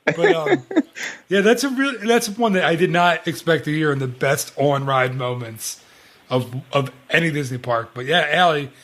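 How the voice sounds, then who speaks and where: A man's voice: a little high, lively intonation, normal speed, a bit bright. A middle-aged man hosting a casual podcast chat, laughing often as he talks. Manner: laughs often while talking. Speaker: podcast host.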